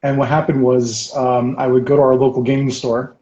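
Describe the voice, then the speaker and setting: A man telling an animated story as a guest in a casual chat, laughing often while he paints. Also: medium pitch, brisk. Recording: roomy, dull sound.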